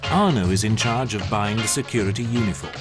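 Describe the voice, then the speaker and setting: Brief: low male narrator, measured read, loud music beneath. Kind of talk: scripted documentary narration.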